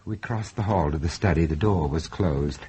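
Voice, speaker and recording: A man's voice: extremely low pitch, normal speed, dark tone, husky, no echo, exaggerated voice. A man narrating and playing the hero of a 1970s radio horror drama in a theatrical, menacing storytelling manner. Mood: ominous. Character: suave middle-aged male narrator-hero. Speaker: host and narrator.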